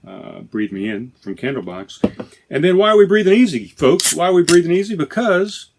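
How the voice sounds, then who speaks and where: Low-voiced man rambling about beer. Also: gravelly. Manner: rambling, self-correcting, chatty. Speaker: podcast host. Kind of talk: casual beer-tasting chat. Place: inside a trailer.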